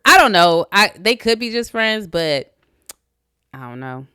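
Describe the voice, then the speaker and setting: Lively bright-voiced woman recapping TV. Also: medium pitch, a little slow, clear, resonant tone, no echo, clean studio sound. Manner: animated, acts out quotes from the show. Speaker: podcast co-host. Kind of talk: casual reality TV recap chat.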